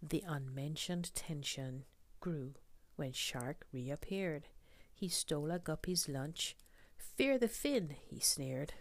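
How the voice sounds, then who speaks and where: A woman reading a children's picture book aloud, soft and often whispered, asking the listener questions. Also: low-pitched, slow, dry recording. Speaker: storybook reader.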